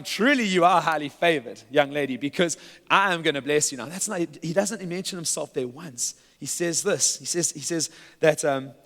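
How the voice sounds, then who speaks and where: A man preaching a sermon as pastor, earnest and at times playful with laughter. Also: fairly high pitch. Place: church sanctuary. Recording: church hall with long reverb.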